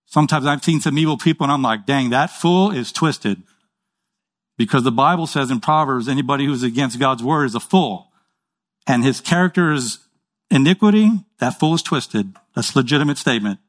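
A man's voice: mid-range voice, fairly bright tone. A man preaching a sermon in a conversational way, checking in with his listeners and acting out short dialogues. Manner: acts out little dialogues in quick voices. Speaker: pastor.

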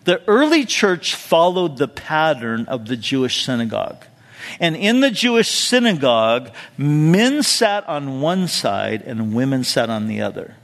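A man's voice: medium pitch, sing-song, measured pace, gravelly. Conversational male pastor, reverberant hall. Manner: conversational, with asides and rhetorical questions. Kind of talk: expository sermon.

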